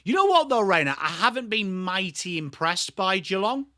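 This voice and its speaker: A man's voice: sits high, sing-song, moderate pace, pushed and bright, dry recording, clean studio sound. An English man hosting a live football watchalong stream, chatting bluntly with viewers by name between calls on the play. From England. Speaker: livestream host.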